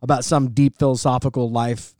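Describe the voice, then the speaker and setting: A man's voice: mid-range voice, level tone, fairly quick, darkish tone, no echo, studio quality. A man co-hosting a podcast, joking and laughing in casual chat. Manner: jokey, laughs often.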